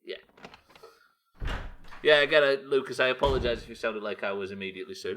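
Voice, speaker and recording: Talking fast in a lowish, fairly bright voice with fairly even intonation, a Yorkshire streamer jokes with viewers and asks questions aloud during a game. It's casual game-stream chat in his Yorkshire accent, with slight background noise.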